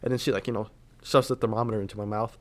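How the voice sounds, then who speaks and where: A man's voice: on the low side, steady tone, rapid-fire. A young man casually telling a storytime anecdote, rambling and leaning on filler words.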